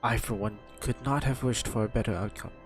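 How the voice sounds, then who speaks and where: A man's voice: lowish voice, fairly quick, faint music behind, close to an everyday voice. A man reading game dialogue aloud as a formal, stately noble knight commander with archaic phrasing.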